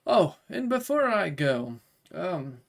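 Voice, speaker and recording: A man's voice: high voice, very animated, takes it slowly, vocal fry, pitched above the performer's own voice, full character voice. A man voicing a weary camp expedition leader. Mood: practical.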